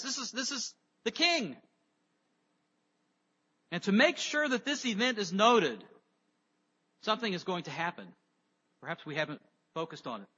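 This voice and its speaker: High bright-voiced man preaching in a hall. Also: husky. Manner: emphatic, rising loud on key words and dropping low on others. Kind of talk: sermon. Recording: dull lo-fi sound with long reverb.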